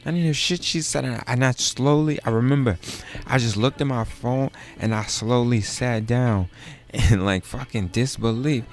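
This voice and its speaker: A young man, a comedian, telling a personal story in a loose, profane, animated way, often jumping up into high exclamations. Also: moderate pace, faint music behind. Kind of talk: storytelling monologue.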